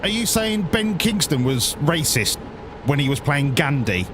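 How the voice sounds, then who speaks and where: A man's voice: on the high side, big pitch swings, a little slow, background noise. A man streaming a driving game, chatting in sarcastic, sweary banter as he plays. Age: adult, grew up before the 1980s. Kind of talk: live gameplay commentary.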